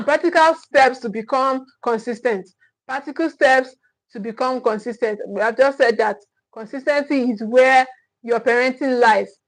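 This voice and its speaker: A woman's voice: high-pitched, poor audio. A woman giving a motivational parenting talk as a coach, emphatic and repetitive in a preacher-like way.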